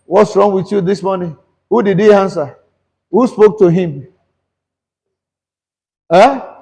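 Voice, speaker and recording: Pastor preaching in an echoing hall. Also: male voice, high voice, takes it slowly, creaky, a little mellow, breathy edge. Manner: preaches with call-and-response questions to the congregation; switches between English and Yoruba. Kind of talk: sermon.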